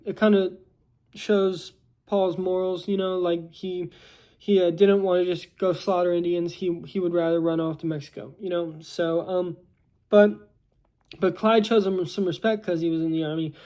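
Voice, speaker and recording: A man's voice: high voice, level tone, normal speed, dark tone. A young American man recapping a movie plot in a casual, rambling way, full of fillers and restarts. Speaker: movie reviewer.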